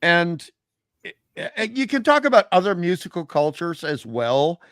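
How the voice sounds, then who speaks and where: Higher-voiced man, rambling host. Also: big pitch swings, a bit bright, smooth, no room sound, studio quality. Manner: rambling, musing, drawn-out asides. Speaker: podcast host. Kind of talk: casual chat.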